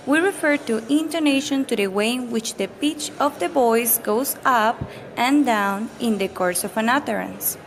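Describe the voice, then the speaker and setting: High-voiced woman narrating a pronunciation lesson. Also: poor audio. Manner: measured, explanatory delivery. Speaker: pronunciation teacher. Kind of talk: scripted instructional narration.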